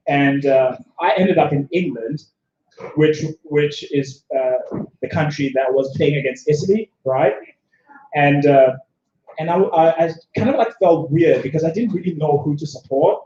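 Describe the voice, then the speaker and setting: A man's voice: a little high, mellow. South African man doing rambling stand-up. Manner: rambling, self-deprecating, many restarts. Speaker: stand-up comedian. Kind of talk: stand-up comedy set. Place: open-mic stage in a bar room. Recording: echoey room, dull lo-fi sound.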